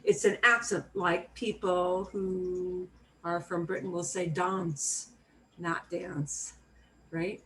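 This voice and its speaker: A woman teaching a beginner Spanish class, modeling words slowly and repeating them for students. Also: lowish voice, little pitch movement, a little hiss or hum, rough recording. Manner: slow, clearly modeled pronunciation with repetition drills.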